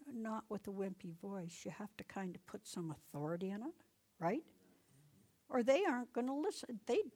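A middle-aged woman giving casual Bible teaching, telling personal stories in a chatty way, laughing often and raising her voice for commands. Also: mid-range voice. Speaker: Bible teacher and deliverance minister.

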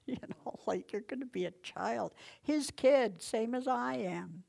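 This woman's creaky voice sits on the high side, moving at a measured pace with hardly any pauses as she leads a casual Bible study. Loud, emphatic verse readings give way to soft asides that are close to whispers. She talks in a down-home, conversational way and leans on rhetorical questions.

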